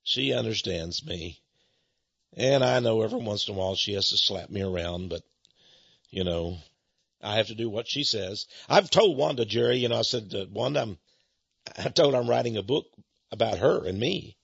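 Folksy male radio host, gravelly and husky, chuckling storyteller, dull dry studio sound. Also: lowish voice, expressive, normal speed, fairly bright tone, no echo. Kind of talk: folksy rambling radio talk.

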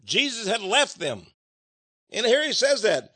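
A man's voice: fairly high pitch, expressive, normal speed, a bit bright, no room sound. A male preacher giving a sermon, emphatic, with rhetorical questions and acted-out quotes.

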